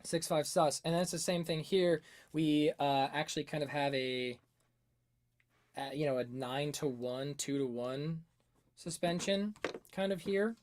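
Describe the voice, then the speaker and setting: A man's voice: a little high, measured pace, a little mellow, a little hiss or hum. A man hosting a music analysis livestream, thinking aloud, reading out chat and answering it, now and then humming a melody. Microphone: webcam setup.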